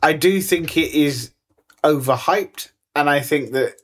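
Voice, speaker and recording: A man co-hosting a casual chat show. He argues his points in a measured, explanatory way, picking apart claims as he goes. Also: a little high. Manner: reasoned, argumentative, reads listener messages aloud. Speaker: podcast co-host.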